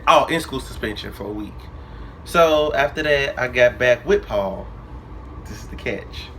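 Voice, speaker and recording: A man's voice: medium pitch, a little hiss or hum. A young man, telling a personal story casually and acting out the dialogue with drama. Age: early 20s. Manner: animated, dramatic retelling with quoted dialogue. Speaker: vlogger.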